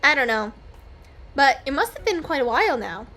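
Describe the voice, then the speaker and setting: A woman voicing a sleepy, laid-back young frog lounging in a warm pot, reading its lines aloud in a game. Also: high-pitched, big pitch swings, normal speed, faint music behind, heavily acted. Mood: lazy.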